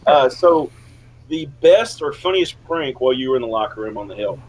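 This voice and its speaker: A middle-aged man hosting an interview, a former player himself, telling stories with animated, high-voiced quotes. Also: fairly quick, poor audio. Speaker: podcast host, former player. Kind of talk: casual interview.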